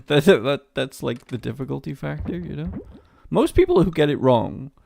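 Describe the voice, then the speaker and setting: A man's voice: on the high side, big pitch swings, moderate pace, gravelly, darkish tone, a little hiss or hum. A man streaming a farming game, chatting casually with sweary, ranting asides. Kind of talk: casual gameplay commentary.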